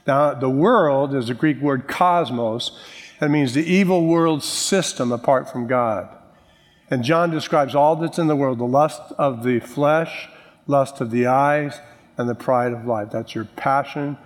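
A male pastor preaching a sermon, joking with the congregation and slowing down to stress key words. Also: mid-range voice. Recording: long reverb of a large hall.

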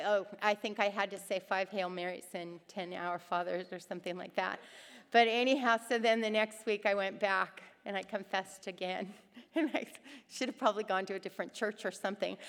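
A middle-aged woman teaching a women's Bible study, telling personal stories with lively voices for the people in them. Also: mid-range voice, normal speed, smooth, in a large hall. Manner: animated storytelling, acting out quoted voices.

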